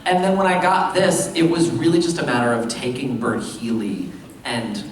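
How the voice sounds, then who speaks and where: A man's voice: mid-range voice, moderate pace, slight background noise. A voice actor at a convention panel, rambling and self-deprecating, laughing often as he answers fan questions. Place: large convention hall. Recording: echoey hall, distant mic.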